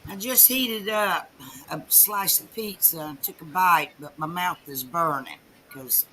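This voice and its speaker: A woman's voice: on the low side, a little slow, pushed and bright, rough recording. A woman guest on a video-call panel, talking in a plain, matter-of-fact way. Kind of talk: casual chat.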